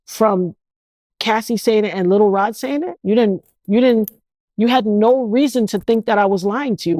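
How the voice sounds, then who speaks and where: A woman's voice: on the high side, a little mellow, no room sound. A woman in her fifties, an interview guest speaking with an emphatic, repetitive, preacher-like cadence. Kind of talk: emotional interview.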